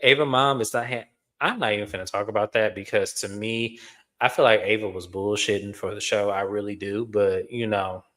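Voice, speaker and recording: A man hosting a reality TV recap in casual commentary, blunt and animated, swearing freely and talking to viewers as y'all. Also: lowish voice, a little fast.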